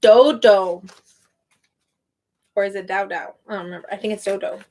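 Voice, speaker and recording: A woman's voice: medium pitch, level tone, very fast, a little mellow. A woman teaching online, chatting casually and hesitantly as she sounds out names one at a time. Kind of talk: casual livestream chat.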